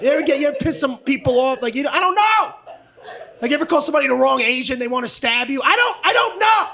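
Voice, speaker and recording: Man, stand-up comedian, very high voice for a man, brash profane rant, noisy live club audio. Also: animated, quick pace, creaky. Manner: brash, profane, ranting, often shouting.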